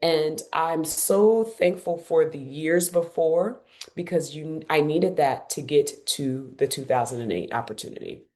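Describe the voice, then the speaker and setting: A woman in her forties speaks in a notably low voice. She is a podcast guest who tells her story with lively emphasis. She repeats phrases to drive her points home. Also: unhurried. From Cincinnati, United States. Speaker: guest, former Olympic runner.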